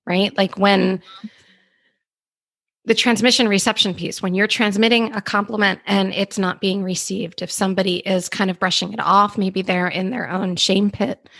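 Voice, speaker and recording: A woman's voice: medium pitch, fairly even intonation, moderate pace, creaky, a bit bright, no room sound. Thoughtful woman podcast co-host. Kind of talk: casual chat.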